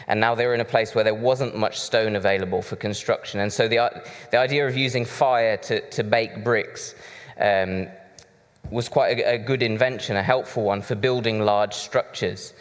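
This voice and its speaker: Chatty preacher in a hall. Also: male voice, lowish voice, fairly even intonation, normal speed. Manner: conversational, chatty with asides. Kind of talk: sermon. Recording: reverberant hall.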